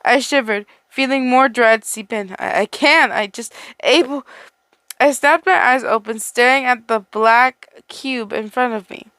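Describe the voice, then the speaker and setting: A woman's voice: a little high, measured pace, fairly bright tone, smooth, no room sound. Woman reading fan fiction aloud. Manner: stumbles and restarts words while reading; breaks off into chatty, laughing asides. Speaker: story reader.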